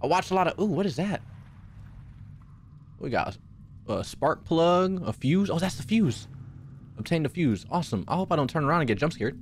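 A man's voice: a little high, lively intonation, normal speed, long pauses, a little hiss or hum. A young man streaming a horror game, jumpy and swearing a lot as he talks to his chat and to himself. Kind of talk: live horror gameplay commentary.

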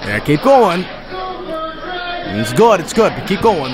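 A male streamer giving excitable live stream commentary, swearing freely and laughing often. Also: sits high, slow, music in the background.

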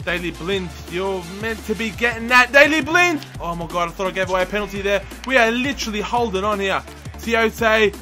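A young man giving excitable live commentary over his own football video game, shouting and groaning as the match unfolds. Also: high-pitched, moderate pace. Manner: animated, shouts and groans at the action. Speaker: gaming commentator. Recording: faint music underneath.

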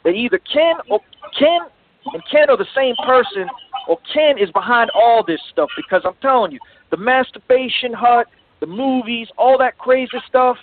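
Give me a rambling male caller with a very high voice, calling everyone brother over a phone line. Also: lively intonation, moderate pace, a little hiss or hum. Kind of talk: phone-in comedy chat. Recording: dry tinny phone line.

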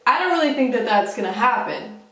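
Young woman vlogging in her room, kinda high voice, swears a lot, sounds far off and echoey bc no mic. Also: animated, brisk, a bit bright. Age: young adult. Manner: casual, swearing, lots of "like" and "literally". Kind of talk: casual chatty vlog. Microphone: camera mic, no external mic. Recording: roomy, distant camera audio.

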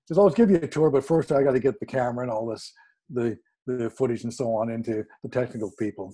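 A man telling a story in a casual, animated way, acting out quoted dialogue with sudden jumps in pitch. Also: husky. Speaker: guest speaker.

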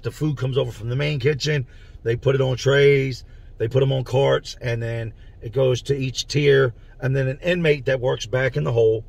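A man's voice: mid-range voice, creaky, breathy edge, no echo. A man telling a story from his own prison time in a casual, slangy way, stopping to explain terms. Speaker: storyteller recounting prison life.

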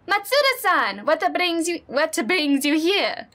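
A kindly older neighbor lady from a horror game, polite and gently lilting, with a Minnesotan accent, as a woman puts her on. The voice sits well above the player's own, high and sweet. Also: big pitch swings, takes it slowly, exaggerated voice.

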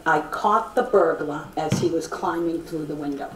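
A woman with a Boston accent acting as a spelling bee pronouncer, announcing words in a calm, measured, formal way. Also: deep voice. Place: school hall. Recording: echoey school hall, from far off, background noise.

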